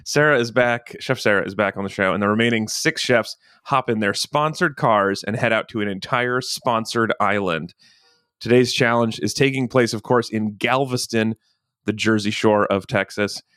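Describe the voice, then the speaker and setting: A man's voice: lowish voice, moderate pace, fairly bright tone, smooth, no room sound, clean studio sound. A man hosting a casual podcast, joking and rambling with fillers. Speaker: podcast host.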